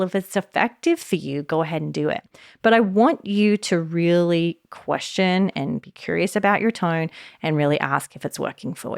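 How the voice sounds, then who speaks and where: A woman hosting a solo podcast in a casual, animated way, with lots of fillers. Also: mid-range voice, gravelly, no echo, studio quality. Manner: casual, warm and animated, many "like" and "you know" fillers. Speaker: podcast host.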